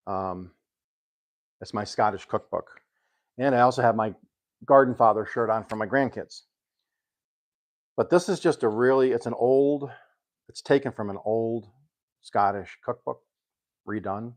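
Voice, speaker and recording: An older man casually chatting on a cooking live stream, rambling and pausing with ums as he reads aloud. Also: medium pitch. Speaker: home cook hosting a live stream.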